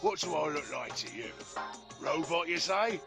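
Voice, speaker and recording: A man's voice: a little high, animated, normal speed, sharp tone. A man voicing a slangy, self-pitying male labour robot with a Cockney accent, over music. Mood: grumbling chummy.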